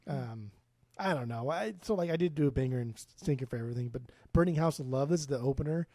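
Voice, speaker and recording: Mellow-voiced rambling podcast guy. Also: medium pitch, fast talker, no echo, clean studio sound. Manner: rambling, swears freely, frequent restarts. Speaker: podcast co-host. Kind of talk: casual chat about music.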